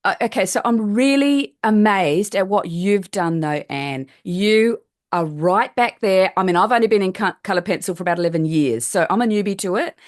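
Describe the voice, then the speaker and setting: A woman's voice: medium pitch, normal speed, no room sound, clean studio sound. Enthusiastic woman podcast host. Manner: enthusiastic, effusive. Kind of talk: casual interview chat.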